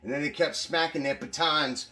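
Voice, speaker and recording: A man's voice: a little high, fairly even intonation, moderate pace, bright, forceful tone, far from the mic. A man casually recounting his prison time, swearing freely and rambling with restarts. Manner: profane, rambling with frequent restarts. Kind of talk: casual storytelling. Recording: echoey room, voice from away from mic.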